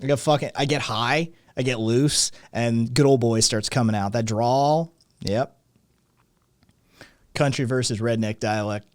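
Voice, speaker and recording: A man's voice: medium pitch, measured pace, dry recording. A man from Tennessee with a Southern Tennessee accent, hosting a casual, heavily profane podcast chat. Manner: swears constantly, animated. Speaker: podcast host.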